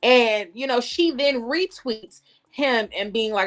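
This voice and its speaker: Blunt, animated woman podcast co-host. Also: a little high, slow pace. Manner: blunt, profane, animated, laughs often. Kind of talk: casual chat.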